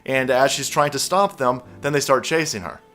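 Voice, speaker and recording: A man's voice: mid-range voice, moderate pace, fairly bright tone, faint music behind. Profane, heated male commentator. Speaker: online commentator. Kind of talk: political commentary rant.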